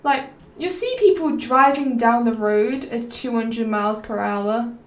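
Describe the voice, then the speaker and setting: A woman's voice: a little high, measured pace. A woman streamer musing aloud and rambling between topics while playing a game. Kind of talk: rambling gameplay stream chat. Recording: roomy, slightly distant mic with faint noise.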